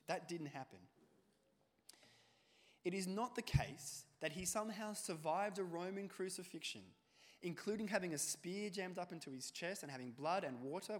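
A male preacher, delivering a sermon with animated storytelling and acted-out quotes. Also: on the high side. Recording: long hall reverb.

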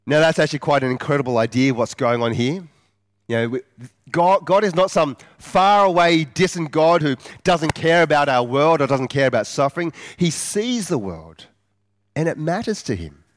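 A man preaching a sermon in an earnest, measured way, asking his listeners questions and slowing down to stress key words. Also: a little high, animated, no echo, clean studio sound. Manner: slows down for emphasis.

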